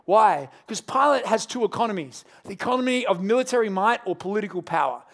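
A male pastor preaching a sermon, telling the story in an animated way and acting out its scenes. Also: high voice, fast talker.

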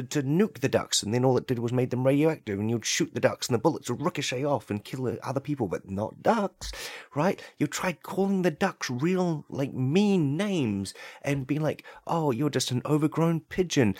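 A man's voice: medium pitch, no echo. A man hosting a podcast, delivering a rambling comedic monologue in a mock-conspiratorial tone on a close microphone. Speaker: podcast host.

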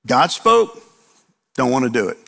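A man's voice: medium pitch, very animated, measured pace, vocal fry, bright, forceful tone. A male preacher delivering a sermon, driving points home with repeated phrases and rhetorical questions he answers himself. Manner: emphatic repetition and rhetorical questions. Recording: long hall reverb.

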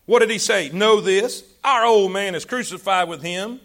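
A man preaching a sermon, urging the congregation to say lines back to him and swinging between loud emphasis and quiet asides. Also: high voice, normal speed. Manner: exhorting congregation, call and response; rises and drops in volume for emphasis. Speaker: pastor.

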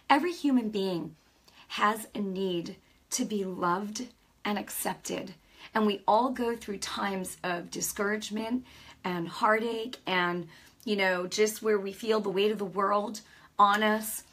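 A woman's voice: medium pitch, slow pace, fairly bright tone. A woman preaching an off-the-cuff sermon to viewers, earnest and emphatic, sometimes dropping to a whisper. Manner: talks directly to viewers, many "you know" asides. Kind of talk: spontaneous sermon to a camera audience.

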